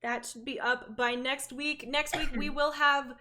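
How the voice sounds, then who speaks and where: A woman's voice: sits high, fairly even intonation, measured pace, bright, forceful tone. A woman narrating as game master, hesitant with fillers and self-mocking.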